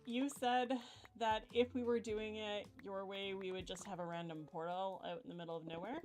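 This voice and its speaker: A woman's voice: mid-range voice, steady tone, moderate pace, a little mellow. A woman streaming a game, chatting casually and rambling, with frequent giggles. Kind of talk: casual chat while gaming. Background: game music.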